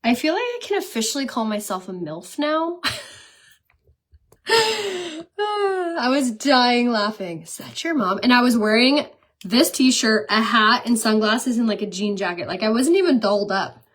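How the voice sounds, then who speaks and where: A woman's voice: on the high side, a little fast. Chatty woman selling makeup on a live stream. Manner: chatty and animated, laughs often, says "like" a lot. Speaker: makeup seller and vlogger. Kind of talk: casual livestream chat while doing makeup.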